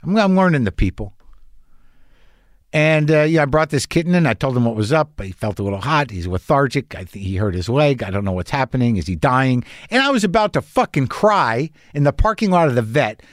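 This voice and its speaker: A man's voice: medium pitch, animated, a little fast, no echo, clean studio sound. A man telling a rambling, anxious story in a casual monologue, swearing and restarting often, as a podcast host.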